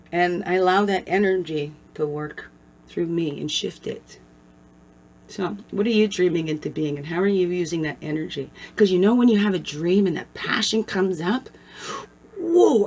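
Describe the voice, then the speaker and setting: Chatty woman giving a spiritual pep talk. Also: medium pitch. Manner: conversational, keeps asking "right?" for agreement; blunt and earthy, mixes swearing with spiritual talk. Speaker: spiritual guide and channel host. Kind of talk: casual motivational talk to camera.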